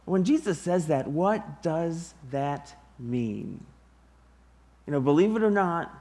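Slow, deliberate male preacher. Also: a little high, darkish tone. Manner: slow, deliberate preaching with long pauses and emphatic stresses. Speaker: pastor. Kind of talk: sermon.

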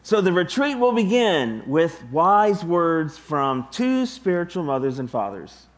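Guy preaching a sermon real slow, kinda high voice, leans hard on words. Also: big pitch swings. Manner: slow, deliberate preaching with long pauses and emphatic stresses. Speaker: pastor.

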